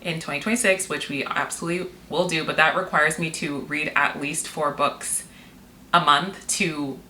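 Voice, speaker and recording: Low-voiced chatty woman vlogger. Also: fairly even intonation, moderate pace, pushed and bright. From Seattle. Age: 30s. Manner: chatty, candid, swears and laughs easily. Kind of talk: casual vlog chat. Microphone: camera mic, external mic not used. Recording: echoey room with faint noise.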